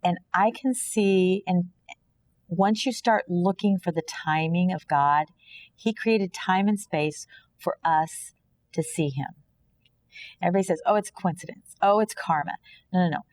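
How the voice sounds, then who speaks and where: Guest, female, from Kansas: fairly low voice, earnest and preachy testimony, slips into quoted dialogue. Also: measured pace, a little mellow, slight background noise. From Kansas, USA. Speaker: podcast guest. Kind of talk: personal faith testimony in conversation.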